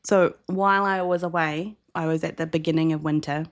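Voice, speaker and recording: A woman's voice: low-pitched, fairly even intonation, fairly quick. A woman co-hosting a podcast, chatting eagerly and reacting with gasps. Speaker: podcast co-host. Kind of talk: casual chat.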